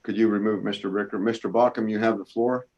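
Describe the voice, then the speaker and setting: A man's voice: on the low side, fairly even intonation, quick pace, darkish tone, lo-fi sound. A man chairing an online committee meeting over a video call, informal and joking, now and then unsure how to run it.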